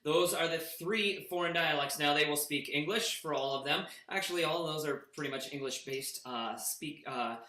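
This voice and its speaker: A man's voice: on the high side, moderate pace, few pauses, pushed and bright, reverberant. A man hosting a live improv comedy match, announcing scenes with rambling asides. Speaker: match host.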